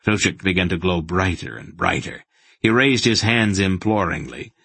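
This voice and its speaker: A man narrating a fantasy audiobook in a dramatic, measured storytelling manner. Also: low voice, lively intonation, fairly bright tone, slightly rough, no room sound.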